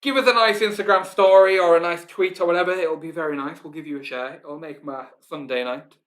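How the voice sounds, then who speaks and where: A chatty Yorkshireman hosts a live online quiz, reading out the players' team names and chuckling along the way. His voice sits a touch high for a man and has a bright, forceful ring to it. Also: steady tone, fairly quick. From Yorkshire, England. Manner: chatty, reads out team names, laughs often. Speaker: quiz host.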